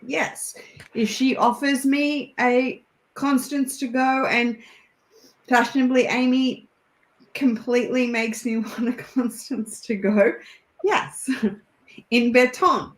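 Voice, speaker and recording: A fairly high-pitched woman with an Australian accent talks slowly in a space with a roomy sound. As a video-call guest in casual conversation, she's chatty and animated, laughing a lot while she tells her stories.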